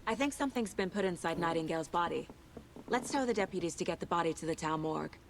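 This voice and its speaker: An actress playing a calm, focused woman FBI profiler, speaking in a measured, low-key way in a video game. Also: noisy background. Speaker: FBI agent investigator. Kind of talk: game voice acting.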